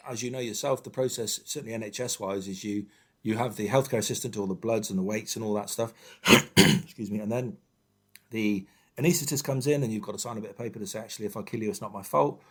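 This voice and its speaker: A man in his fifties, a firefighter guest speaking frankly and haltingly with many fillers in an interview. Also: fairly low pitch. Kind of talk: candid personal interview.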